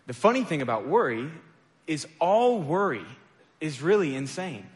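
A man's voice: a little high, very animated, normal speed. Man preaching casually in an echoey hall. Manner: conversational, self-deprecating storytelling with many fillers. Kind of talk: casual sermon. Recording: echoey hall with long reverb.

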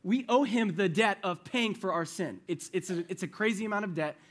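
A man's voice: high voice, fairly quick, a bit bright. A young man preaching a sermon in a casual, conversational way, addressing his group directly and retelling a parable.

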